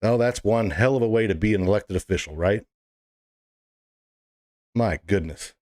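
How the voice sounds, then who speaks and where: A man's voice: on the low side, moderate pace, darkish tone. A man delivering an impassioned monologue to camera as a political video blogger, fiery, emphatic and indignant.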